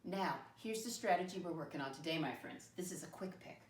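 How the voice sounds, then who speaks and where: A woman teacher giving a slow, sing-song math lesson to young children, spelling words out letter by letter. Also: fairly low pitch, animated, slight background noise. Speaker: first grade teacher. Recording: roomy classroom, mic at a distance.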